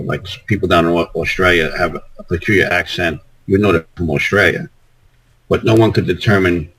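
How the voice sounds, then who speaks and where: A man with a very deep, husky voice. He rambles through his answers, stumbling and restarting his sentences as a guest on a casual call-in talk. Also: a bit bright, rough recording. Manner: rambling, repeats words and restarts.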